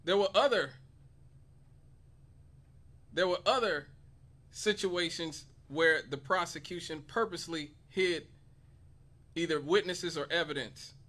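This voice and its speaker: Bright, high-voiced man hosting talk radio. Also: measured pace, long pauses. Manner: emphatic, building an argument with rhetorical questions. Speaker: radio host.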